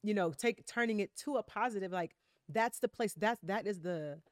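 A woman's voice: mid-range voice, moderate pace, no room sound, studio quality. Earnest woman guest speaking reflectively. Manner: earnest, reflective, many fillers and affirmations. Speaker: podcast guest. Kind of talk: casual chat.

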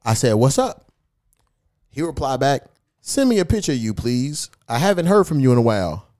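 Animated profane man telling a story. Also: mid-range voice, normal speed. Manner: profane storytelling, reads text messages aloud; animated, mocking. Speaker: podcast host. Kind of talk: casual podcast chat.

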